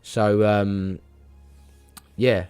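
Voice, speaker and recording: Male streamer, lowish voice, rambling and stammery, casual swearing. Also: flat delivery, drawn-out words, a little mellow, clean tone, soft background music. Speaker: live streamer. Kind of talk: casual live-stream chat.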